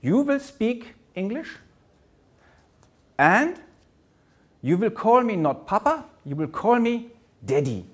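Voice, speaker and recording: A man's voice: extremely high pitch, sing-song, takes it slowly, pauses often, a bit bright, pitched above the performer's own voice, heavily acted. A man imitating his stern German father, a diplomat, speaking English with a German accent in firm, clipped commands.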